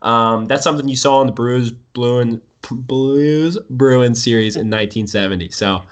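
A young man hosting a casual sports talk show, telling stories excitedly and often calling people dude. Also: medium pitch, normal speed. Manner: excited storytelling, says dude a lot. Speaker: sports podcast host.

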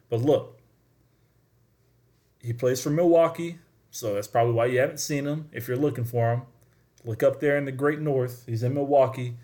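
A man's voice: mid-range voice, darkish tone. A man giving a casual sports commentary all on his own, with a mid-range voice. He talks straight to his audience, chatty and emphatic, pressing his points home. It sounds like an informal sports talk show. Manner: chatty, addresses listeners directly, emphatic. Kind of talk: solo sports talk monologue.

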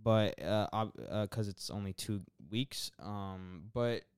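A man's voice: on the low side, slow pace, clean tone, dry recording, clean studio sound. A man co-hosting a casual football podcast, rambling with lots of fillers and restarts. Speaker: podcast co-host.

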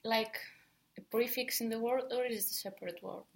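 A woman's voice: fairly high pitch, fairly even intonation, fairly quick, creaky. A woman learning a language, carefully repeating words after her teacher.

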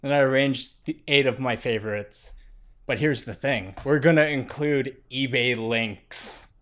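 Slow, dry-humored young man. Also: mid-range voice, a bit bright. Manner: dry, wry and unhurried, with mild swearing. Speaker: podcast co-host. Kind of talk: casual chat.

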